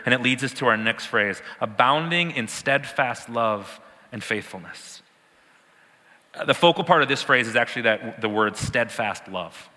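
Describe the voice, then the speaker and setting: A man's voice: medium pitch, bright, forceful tone, in a large hall. A man teaching a sermon, explaining words with emphatic repetition and the odd laugh. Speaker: preacher.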